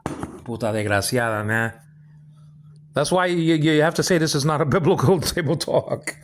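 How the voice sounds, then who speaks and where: A man's voice: on the high side, normal speed. A man ranting in a rambling personal monologue, stumbling over repeated words and complaining indignantly. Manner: rambling, repetitive, stammering restarts. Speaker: vlogger.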